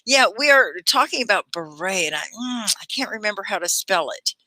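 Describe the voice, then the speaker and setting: Woman, ESL livestream host, patient pronunciation drills, crisp bright tone, dry. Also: medium pitch, expressive, no room sound. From United States. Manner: slow, clear spelling and pronunciation drills. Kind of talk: casual teaching chat.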